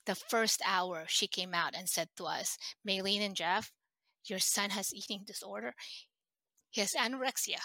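A middle-aged woman recounting a painful family story in an interview, halting and emotional with many restarts. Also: medium pitch, gravelly, pushed and bright, dry recording. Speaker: guest.

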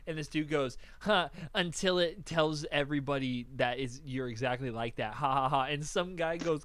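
A man's voice: a little high, moderate pace, hardly any pauses, dry recording. A young man chatting casually as a podcast host, telling stories with lots of swearing and acting out quoted lines. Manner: animated storyteller, swears freely, acts out quotes. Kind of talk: casual chat.

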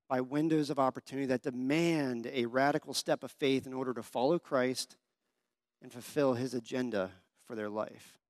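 A man's voice: medium pitch, no echo, clean studio sound. A young adult man preaching a sermon, telling personal stories and asking the congregation questions. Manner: conversational storytelling, asks the congregation questions. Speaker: pastor.

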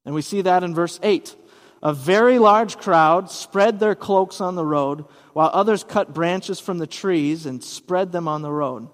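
A man's voice: high voice, unhurried, big-room sound. A man preaching a sermon as pastor, explaining scripture in a conversational way with casual asides.

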